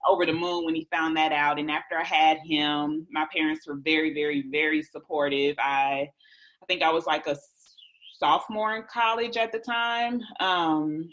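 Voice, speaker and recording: A woman's voice: deep voice, fairly even intonation, normal speed, a bit bright, muffled recording. A woman in her thirties, a podcast guest, telling a personal story in an earnest, candid way. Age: 30s. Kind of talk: casual conversation.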